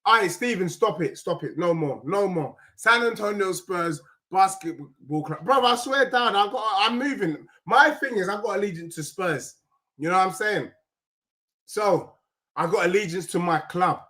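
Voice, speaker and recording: A man ranting heatedly about football in street slang, often shouting. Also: high-pitched, animated, normal speed. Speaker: football fan channel host. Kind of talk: angry fan rant with sung parody.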